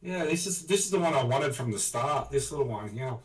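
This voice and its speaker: A man's voice: mid-range voice, animated, fairly quick, reverberant, recorded from a distance, low-quality recording. A man chatting and joking casually on a livestream. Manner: joking, banter-filled. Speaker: streamer.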